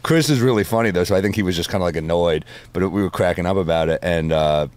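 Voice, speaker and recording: A man telling animated stories in casual podcast chat, swearing freely. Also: sits low, fast talker. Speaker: comedian guest.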